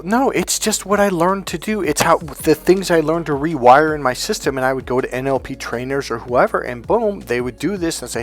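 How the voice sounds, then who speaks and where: A man's voice: on the high side, fairly quick, hardly any pauses, soft background music. A middle-aged man, an NLP trainer, giving a casual motivational talk and acting out bits of dialogue as he tells stories. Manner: storytelling, acts out dialogue, animated asides.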